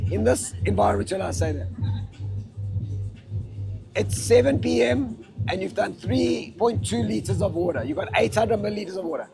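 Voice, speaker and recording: A man's voice: high-pitched, creaky, dark tone. A man giving a casual, slangy motivational talk to a live festival audience. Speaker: motivational speaker.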